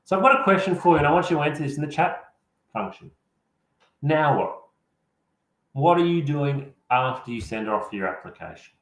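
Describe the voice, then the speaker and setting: A man's voice: a little high, animated, normal speed, pauses often, a bit bright. Man coaching in an echoey room. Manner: direct, encouraging, addresses audience. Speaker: career coach. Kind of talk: online workshop presentation. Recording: roomy echo.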